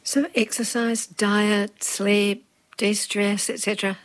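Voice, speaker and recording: A woman's voice: medium pitch, flat delivery, slow pace, rough recording. A woman in a casual, playful chat, laughing easily.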